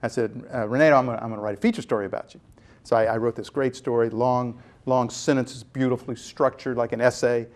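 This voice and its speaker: A man in his sixties, a guest telling lively stories about his career and acting out quoted voices as he goes. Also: mid-range voice, fast talker. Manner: animated storyteller acting out quotes. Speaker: guest, former jai alai PR director. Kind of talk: storytelling in casual chat.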